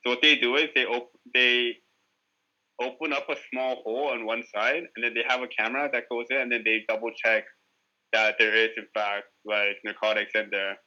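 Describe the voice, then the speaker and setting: Man, podcast guest, casual storytelling, rambling and profane, very bright tense voice. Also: medium pitch, level tone, moderate pace, highs cut off. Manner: rambling, profane, heavy use of filler "like".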